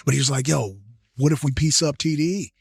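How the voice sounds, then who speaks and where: Husky laid-back rapper telling stories. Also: male voice, fairly high pitch, steady tone, fairly quick, dry recording, studio quality. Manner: laid-back, rambling, with repeated fillers. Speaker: rapper, interview guest. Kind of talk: casual storytelling in an interview.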